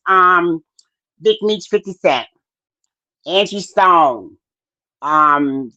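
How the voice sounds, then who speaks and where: A woman hosts a podcast live stream, chatting casually with lots of fillers and greeting viewers by name. Her voice is lowish and a bit bright, and the sound is dry, dull and lo-fi, with no echo.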